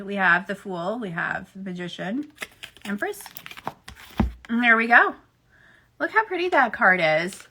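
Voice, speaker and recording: A woman's voice: a little high, very animated, a little slow, bright, forceful tone, slight background noise. A woman giving a chatty livestream tarot reading, talking to viewers and laughing often. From United States. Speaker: tarot reader.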